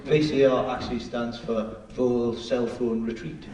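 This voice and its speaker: A man's voice: mid-range voice, level tone, moderate pace, very noisy. A man on a live comedy panel, improvising a rambling, hesitant nonsense answer. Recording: echoey, distant live theatre recording with a loud crowd.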